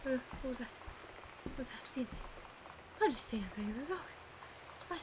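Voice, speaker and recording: A woman with a high voice plays through a game and talks to herself the whole way. She swings between tired murmurs and sudden loud yelps. Game noise stays clearly audible behind her. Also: animated, moderate pace. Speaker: let's player. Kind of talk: gaming commentary. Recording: gameplay with clear background noise.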